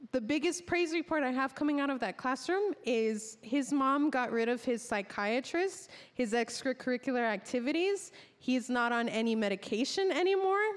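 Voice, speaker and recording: A woman, a teacher, telling a personal testimony in a casual, animated storytelling way, acting out the dialogue she quotes. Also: high-pitched, in a large hall.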